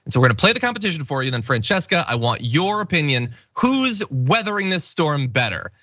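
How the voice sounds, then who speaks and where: A man's voice: a little high, big pitch swings, brisk, pushed and bright, dry recording, dull audio. A male host giving sarcastic, emphatic political commentary.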